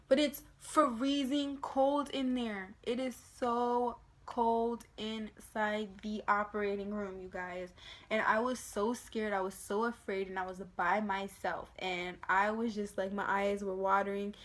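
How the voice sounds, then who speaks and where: A young woman from the United States telling a personal birth story to camera in a casual vlog, emotional and animated, acting out the voices of others. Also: medium pitch, a little slow. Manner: emotional, animated retelling with acted quotes.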